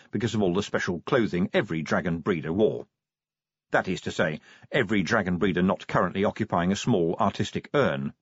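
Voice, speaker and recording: A low, husky male voice narrates an audiobook with wry drama, his pitch rising and falling in lively curves. The recording is dry and close, with a slightly dull, muffled top end. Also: no room sound. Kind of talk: scripted narration.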